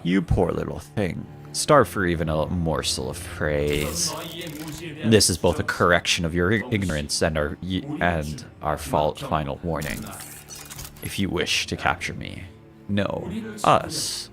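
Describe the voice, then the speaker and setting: A man voicing a grandiose male villain from a game who steals time, speaking slowly and condescendingly. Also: extremely low pitch, animated, gravelly, music in the background, voice pushed down, exaggerated voice. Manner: slow, lofty, condescending delivery. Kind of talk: dramatic reading of game dialogue.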